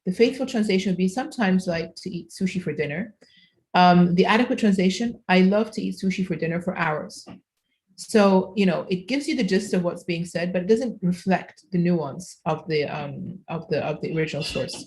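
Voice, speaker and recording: A woman's voice: fairly low pitch, normal speed, darkish tone. Woman giving a keynote lecture. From Egypt. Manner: explanatory, with frequent fillers and self-corrections. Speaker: keynote speaker.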